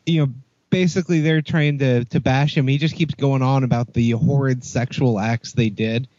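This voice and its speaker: A man's voice: mid-range voice, steady tone, normal speed, darkish tone, no echo. A man telling a story in a casual podcast chat, sounding amused. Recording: dull lo-fi dry sound.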